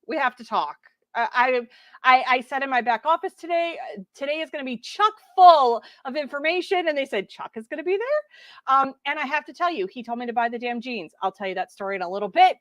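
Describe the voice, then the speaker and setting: A woman's voice: high-pitched, no echo. A woman hosting a casual livestream, chatty and bubbly, laughing easily as she greets viewers by name. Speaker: livestream host.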